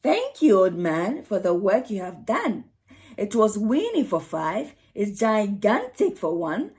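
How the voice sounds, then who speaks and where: A woman's voice: mid-range voice, big pitch swings, slow pace, darkish tone. A woman voicing a fed-up old woman in a crowded house, exclaiming and pleading as she reads a storybook aloud. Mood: delighted.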